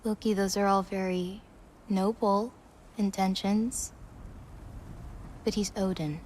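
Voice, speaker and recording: An actress voicing a playful young giantess in a video game, teasing and giggly. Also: female voice, medium pitch, steady tone, takes it slowly, a little mellow, slight background noise, lightly acted.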